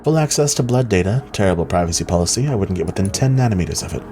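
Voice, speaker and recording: A man's voice: low-pitched, lively intonation, rapid-fire, a little mellow, soft background music. A man voicing a wry, knowing woman hacker as he reads game dialogue aloud, with a dry, arch delivery.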